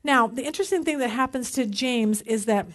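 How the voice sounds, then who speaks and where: A middle-aged woman teaching a women's Bible study in a casual, animated way, acting out the voices in her stories. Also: fairly high pitch, a little fast.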